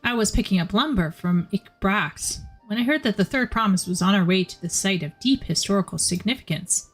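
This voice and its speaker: An earnest young shipwright, eager to be of service and unfailingly polite, as a woman reads him aloud. His speech is formal and courteous, pitched in an even middle register, and soft game music plays faintly underneath. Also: a little fast, close to an everyday voice.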